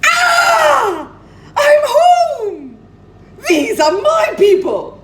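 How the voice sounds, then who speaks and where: A woman's voice: on the high side, wildly swooping pitch, slow, echoey room, pitched above the performer's own voice, heavily acted. A woman voicing a vain, self-hating male crow who shrieks and wails between laughing and crying. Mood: ecstatic. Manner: wailing, half-laughing, half-crying.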